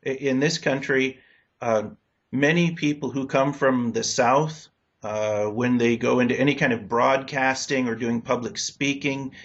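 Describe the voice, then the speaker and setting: A man's voice: medium pitch, fairly even intonation, unhurried. Guy interviewing someone, curious rambly questions, kinda muffled audio. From United States. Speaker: interview host. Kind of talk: casual interview chat. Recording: dull lo-fi recording.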